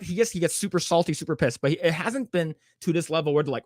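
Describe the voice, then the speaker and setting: Man, podcast co-host, casual chat, slightly high voice, dry close sound, rambling animated delivery. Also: fast talker, hardly any pauses, dry recording. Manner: animated retelling with many fillers and put-on voices.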